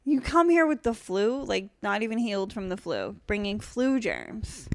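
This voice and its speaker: A woman's voice: mid-range voice, sing-song, normal speed, no room sound. Teasing woman podcast co-host. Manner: teasing, blunt, profane. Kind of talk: casual chat.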